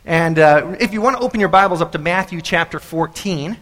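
A man's voice: a little high, fairly quick, a bit bright, big-room sound. A male pastor giving a sermon in a church, talking in a loose, conversational way full of fillers and restarts. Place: church sanctuary.

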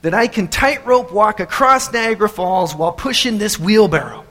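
A man's voice: sits high, normal speed, in a large hall, voice pushed up. A preacher doing a bold showman daredevil. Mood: challenging. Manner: loud, rising, challenging questions. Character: bold showman daredevil man challenging a crowd.

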